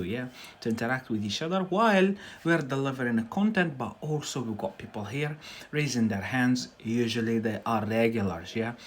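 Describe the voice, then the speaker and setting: A man from Algeria with an Algerian accent touched by Scottish, giving a chatty live-stream English lesson and often checking in with "yeah?". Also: medium pitch. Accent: Algerian with some Scottish. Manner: chatty, peppers speech with "yeah?". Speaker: English tutor.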